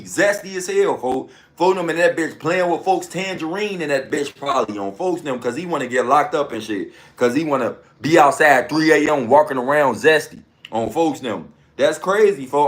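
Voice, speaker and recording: A man riffs through a loose commentary rant, full of street slang. His voice sits a little high for a man. Now and then he breaks into sound effects of gunshots. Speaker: commentary host.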